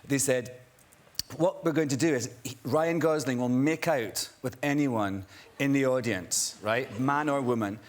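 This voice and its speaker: A man's voice: mid-range voice, measured pace. Middle-aged Scottish man, chatty talk show guest, anecdotal and giggly. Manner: animated storyteller, laughs often. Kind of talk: casual chat, telling anecdotes.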